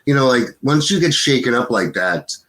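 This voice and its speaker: A man's voice: medium pitch, expressive, moderate pace, a bit bright. A man in his fifties, co-hosting a podcast in casual conversation, rambling with many fillers. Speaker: podcast co-host.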